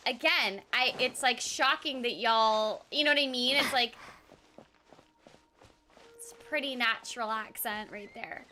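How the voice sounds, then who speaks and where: A woman's voice: a little high, measured pace, pauses often, pushed and bright, a little hiss or hum. A young adult woman streaming a game, chatting playfully and reading the chat aloud. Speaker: streamer and voice actor. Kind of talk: casual live-stream chat while gaming.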